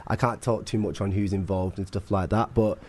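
Relaxed British man chatting as a guest. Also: on the low side, fairly quick, slightly rough. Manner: laid-back, playful banter. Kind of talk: casual chat.

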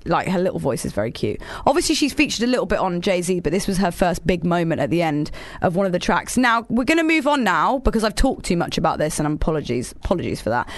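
A woman's voice: medium pitch, dry recording. A woman hosting a radio show, chatting in an enthusiastic, rambling way from the studio. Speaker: radio host. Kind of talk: casual radio chat.

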